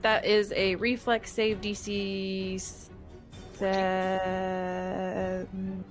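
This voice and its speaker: A woman's voice: medium pitch, monotone, extremely slow, soft background music. A woman playing in an online tabletop game, talking through her move in a chatty, hesitant way. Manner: chatty, hesitant, thinks aloud. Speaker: player.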